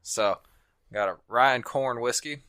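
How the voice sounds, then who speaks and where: A man's voice: medium pitch, unhurried, bright, forceful tone, no room sound, studio quality. A young man co-hosting a podcast, laid-back and hesitant, with lots of fillers. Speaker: podcast co-host. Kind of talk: casual chat.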